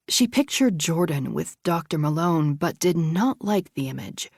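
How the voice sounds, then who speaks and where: A woman narrating a suspense audiobook in a hushed, tense read. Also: deep voice, animated, measured pace, vocal fry, few pauses, husky, no echo, studio quality. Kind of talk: scripted narration.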